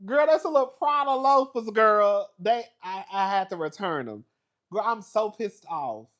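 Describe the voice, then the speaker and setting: High-pitched and at normal speed, this man hosts a reality show gossip recap full of profanity. His storytelling is sassy and animated, with dramatic asides and frequent laughter.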